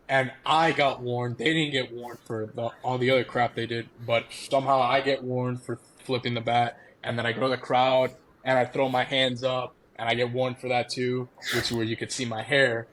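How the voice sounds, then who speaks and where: A young man who once played college ball is a podcast guest, telling stories casually and with animation. He laughs a lot and acts out the quotes, his voice medium in pitch.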